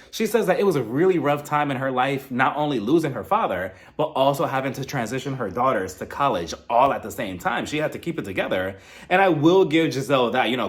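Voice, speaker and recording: Young adult man, chatty reality TV recapper; lively sing-song pitch, gossipy, slips into impressions of the cast. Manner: chatty, gossipy, acts out cast members' lines in mimicking voices. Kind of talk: casual recap commentary.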